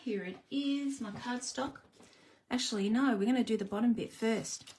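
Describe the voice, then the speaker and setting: This crafting livestream host is a woman with a slightly high, darkish voice at a moderate pace, chatting casually and self-deprecatingly with viewers as she makes cards. A little hiss or hum is audible.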